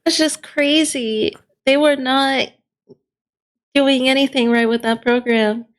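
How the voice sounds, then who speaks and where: A woman's voice: high-pitched, steady tone, takes it slowly. A woman in casual chat, giving blunt opinions and short reactions.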